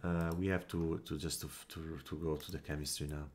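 Deep-voiced male game commentator at his desk mic, musing and tallying out loud, short bursts of frustration. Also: flat delivery. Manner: thinks aloud, counts under his breath, quick flashes of annoyance. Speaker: gameplay commentator. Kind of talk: casual strategy game commentary.

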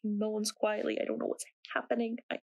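A young woman acting a shaken narrator in a dramatic monologue, speaking slowly and haltingly with long pauses. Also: medium pitch, completely flat delivery, vocal fry, darkish tone, lo-fi sound, lightly acted. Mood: haunted. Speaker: narrator recounting her own ordeal. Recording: distant mic with faint noise.

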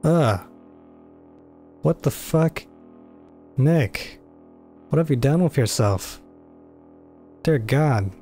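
A man's voice: mid-range voice, animated, very slow, long pauses, mellow, soft background music. A young man commentating a game as a let's play, joking and swearing in mock horror as he reads the game's text aloud. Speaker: gaming YouTuber.

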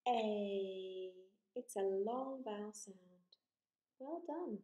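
A woman teaching a phonics lesson to young children, drawing out vowel sounds slowly and praising often. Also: medium pitch, warm tone, lo-fi sound. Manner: slow, encouraging, exaggerated vowel sounds. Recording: echoey room.

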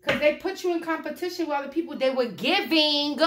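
A woman doing a casual tarot reading for her viewers, blunt, profane and animated. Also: sits high, a little fast. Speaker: tarot reader. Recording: echoey room.

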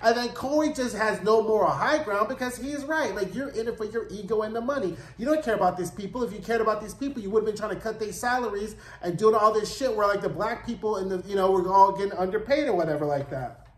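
A man's voice: sits high, fast, reverberant. A man giving a casual, profane and opinionated recap of a TV episode. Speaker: show reviewer.

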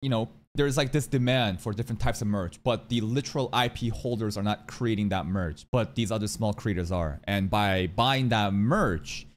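A man's voice: fairly low pitch, normal speed, hardly any pauses, a little hiss or hum. A man giving casual, blunt reaction commentary, swearing freely and arguing his point. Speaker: reaction streamer.

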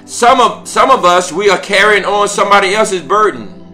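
High, bright-voiced fervent male preacher. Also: moderate pace, soft background music. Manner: fervent, repetitive, with many stammered restarts; interjects "glory to God" and "hallelujah". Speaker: prayer call leader. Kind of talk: prophetic prayer-call preaching.

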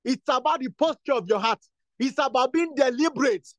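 A man's voice: very high-pitched, brisk, dry recording. A man leading a prayer session, preaching and praying in an insistent, repetitive way that builds to fervent bursts. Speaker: prayer leader. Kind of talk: exhortation and spoken prayer.

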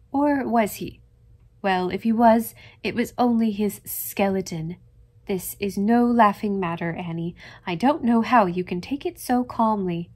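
A woman's voice: darkish tone, lightly acted. Woman voicing a gloomy, ominous old aunt. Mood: reproachful. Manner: lowers her voice creepily, ominous. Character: fussy, gloomy elderly aunt prone to dire warnings. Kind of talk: audiobook reading.

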